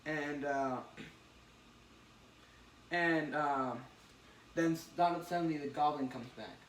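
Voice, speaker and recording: A man casually recapping a comic story with a friend. He talks in halting bursts and acts out the characters' lines. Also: on the high side. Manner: excited, halting retelling with acted quotes. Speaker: podcast co-host recapping a comic. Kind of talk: casual chat. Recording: roomy, distant mic with faint hiss.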